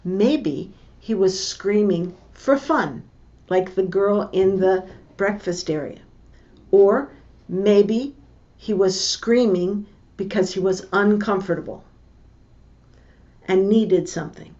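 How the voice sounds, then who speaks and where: A middle-aged woman teaching a lesson, telling a family story slowly and deliberately and acting out the voices of the people in it. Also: medium pitch, dark tone. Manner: slow, deliberate, acts out the voices in her story. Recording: dull lo-fi recording.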